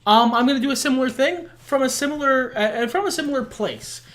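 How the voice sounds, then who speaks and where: A man with a high, nasal voice co-hosting a podcast in casual chat, blunt and self-deprecating, swearing freely. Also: quick pace, fairly bright tone. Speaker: podcast co-host.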